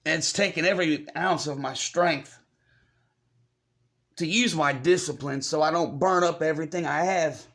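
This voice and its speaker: A man giving a confessional vlog update to his viewers, choked up and fighting back tears, halting and apologetic as he repeats himself. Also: on the high side, a bit bright. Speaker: vlogger.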